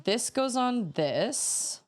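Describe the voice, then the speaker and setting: Lively, chatty woman streamer, laughing often. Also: a little high, very slow. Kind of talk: casual chat while building.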